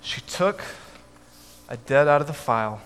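A man telling a family story to an audience in a measured way, with his voice dropping softly at the ends of lines. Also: fairly high pitch, lively intonation, clean tone. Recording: echoey hall, faint background noise.

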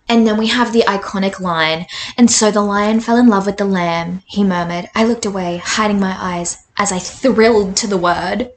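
A young woman in her twenties talks through a novel in a loose, rambling chat, breaking off into animated, incredulous asides. Her voice sits in the middle of the range. It rings in a roomy space with a faint hiss of background noise. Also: mid-range voice, a little fast. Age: 20s. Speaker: book reviewer. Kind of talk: casual chat reading aloud from a novel. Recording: roomy echo.

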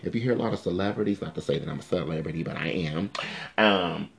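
Sassy deep-voiced man chatting live. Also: fast, vocal fry. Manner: sassy, swears freely, addresses viewers directly. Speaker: livestream host. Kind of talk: casual livestream chat. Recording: faint music in the background. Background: faint music.

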